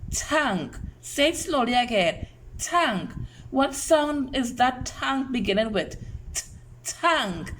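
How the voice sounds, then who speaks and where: Slow, encouraging woman teaching letter sounds. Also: high-pitched, lively intonation, a bit bright, a little hiss or hum, poor audio. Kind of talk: phonics lesson for young children.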